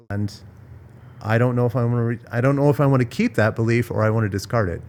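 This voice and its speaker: A man's voice: mid-range voice, quick pace, a little mellow, slight background noise. A man hosting a podcast, talking through ideas in a thoughtful, searching way with frequent restarts and repeated phrases. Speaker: podcast host. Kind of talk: casual reflective conversation. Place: villa in Bali.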